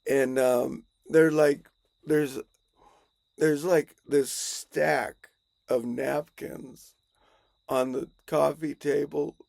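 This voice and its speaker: Man, gravelly rambling storyteller, slow casual delivery, dry close-miked sound. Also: fairly high pitch, fairly even intonation, a little mellow, no echo. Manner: rambling, chuckling, self-correcting.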